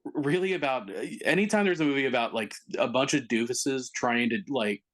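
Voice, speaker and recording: A man's voice: medium pitch, moderate pace, a bit bright. A man with a mid-range voice chats on a film podcast. He rambles with enthusiasm and stacks up hedges as he thinks aloud. His delivery is loose and friendly. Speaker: podcast co-host. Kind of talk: casual film podcast chat.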